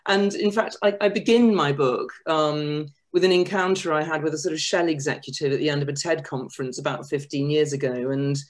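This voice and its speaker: A woman author speaking on a webinar panel over a video call, animated and self-deprecating, often restarting her sentences. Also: sits low, brisk, few pauses.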